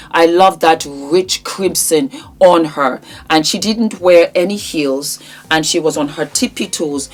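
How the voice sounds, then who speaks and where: A woman vlogger casually reviewing red-carpet fashion, effusive and repeating her praise, talking straight to the celebrities as "darling.". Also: sits low.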